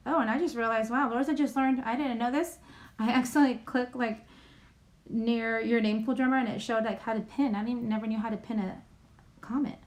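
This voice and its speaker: A woman with a fairly high voice talks her way through a casual livestream from home. She reads a list aloud in a chatty, self-deprecating way and keeps saying sorry for her pronunciation. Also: fairly even intonation, brisk, a little mellow. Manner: chatty, apologizes for mispronouncing names. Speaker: YouTube livestream host.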